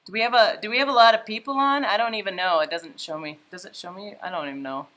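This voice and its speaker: A woman hosting a live painting stream from home, chatting casually, reading viewer comments aloud and thinking out loud as she paints. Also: mid-range voice, fast talker. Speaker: livestream painting host. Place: home, indoors.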